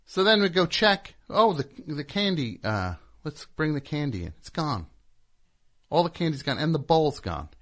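A man's voice: a little high, normal speed. Rambling sarcastic male radio host. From New Jersey. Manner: rambling, sarcastic, deadpan storytelling. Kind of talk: comic call-in show monologue.

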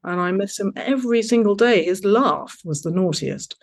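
Rambling woman, halting restarts. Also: medium pitch, lively intonation. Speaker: interview guest. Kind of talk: casual conversational interview.

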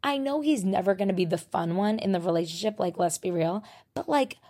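A young woman in her twenties from New Jersey, hosting a casual solo podcast. She rants about her week in profane, animated bursts with laughter, while sick. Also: mid-range voice, fairly quick. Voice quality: profane, animated ranting with laughs and loud outbursts. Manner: drops to near-whisper while partner is downstairs. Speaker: podcast host.

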